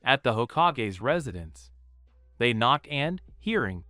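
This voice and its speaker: A man reads a story aloud in a steady narrating manner. His voice is bright and forceful with a lively pitch. The recording is dry and close, with faint music underneath. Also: measured pace, no room sound. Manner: steady storytelling, voicing every character. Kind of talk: fan fiction audiobook narration.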